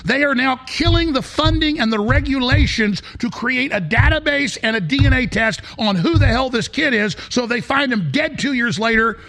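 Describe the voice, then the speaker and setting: A man's voice: extremely high pitch, expressive, normal speed, few pauses, sharp tone. A man hosting a talk show, delivering an emphatic, rambling monologue that circles back and repeats phrases. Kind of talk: ranting monologue.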